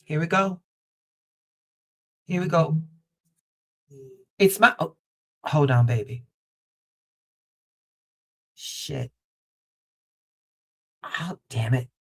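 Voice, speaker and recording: A woman's voice: sits low, expressive, very slow, pauses often, fairly bright tone. Woman doing a live tarot reading. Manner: affectionate, calls viewer baby and mama; repeats phrases for emphasis. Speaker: tarot reader. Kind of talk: live-stream card reading. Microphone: basic streaming setup.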